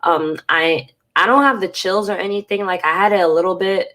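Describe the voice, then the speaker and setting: A woman's voice: fairly low pitch, a little fast, pushed and bright. A congested woman in her thirties talking frankly and casually to her viewers in a personal vlog, swearing now and then. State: congested from a cold. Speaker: vlogger.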